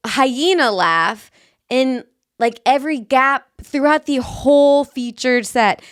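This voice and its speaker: Brief: woman from Florida, podcast co-host, chatty, higher voice, dry close sound. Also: slow pace, clear, resonant tone, no room sound. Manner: chatty, uses many fillers like "like". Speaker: podcast co-host and stand-up comic. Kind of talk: casual chat.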